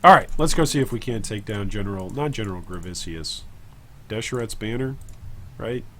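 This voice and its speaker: A man's voice: on the low side, animated, moderate pace, fairly bright tone, a little hiss or hum. A man streaming a video game live, thinking aloud in a rambling, casual way and chatting with viewers between moves. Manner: thinks aloud, rambling self-talk with chat asides.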